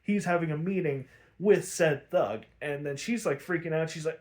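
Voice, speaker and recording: Chatty young man, slightly high voice. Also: normal speed, darkish tone. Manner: loose and chatty, lots of fillers, swears and laughs. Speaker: podcast host. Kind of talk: casual episode recap.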